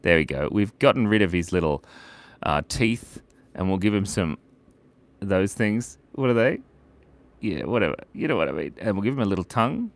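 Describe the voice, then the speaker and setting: A man's voice: fairly low pitch, animated, normal speed. A man hosting a casual live drawing stream, giggly and playful, telling silly jokes while he draws at his desk at home. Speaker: art stream host.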